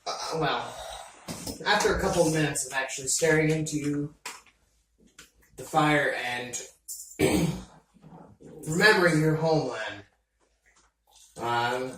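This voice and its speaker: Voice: mid-range voice, takes it slowly, pauses often, a bit bright, heavy reverb, far from the mic, slight background noise, poor audio. A game master narrating a tabletop game with loose, rambling descriptions full of fillers.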